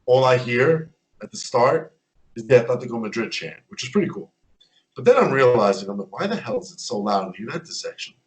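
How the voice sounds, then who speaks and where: Male podcast guest, lively storyteller who acts out quoted lines. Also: mid-range voice, brisk. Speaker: podcast guest, fan club member. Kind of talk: casual podcast chat.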